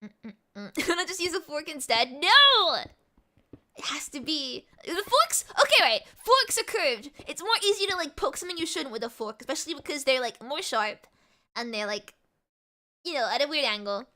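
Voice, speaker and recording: A woman streaming a game, talking in a playful, rambling chat with viewers. Her voice sits high and swoops up and down with lots of life, and her tone is bright and crisp. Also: expressive, brisk. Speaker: VTuber streamer. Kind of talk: casual livestream chat while gaming.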